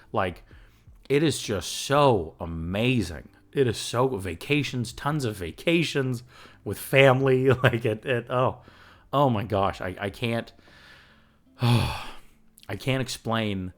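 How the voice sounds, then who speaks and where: Earnest, emotional man hosting a recovery podcast. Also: on the low side. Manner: earnest, emotional and upbeat, with laughs and fillers. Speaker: recovery coach and podcast host. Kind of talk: solo podcast monologue.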